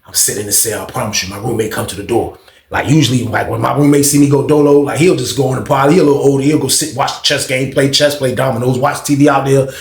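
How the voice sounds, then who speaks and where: Gravelly man telling a slangy story. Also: medium pitch, fairly even intonation, echoey room. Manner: slangy, drawn-out street talk with lots of fillers. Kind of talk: casual storytime.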